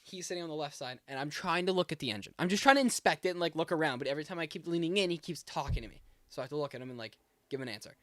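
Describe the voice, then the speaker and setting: A young man on a podcast telling a long story, animated and acting out both sides of the conversation. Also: a little high, racing, no echo. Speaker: podcast co-host. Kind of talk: casual storytelling.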